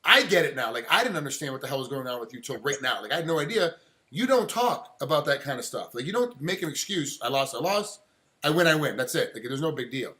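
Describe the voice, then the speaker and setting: Fast, bright-voiced male interviewer. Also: mid-range voice. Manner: animated, acts out quotes. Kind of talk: casual sports interview.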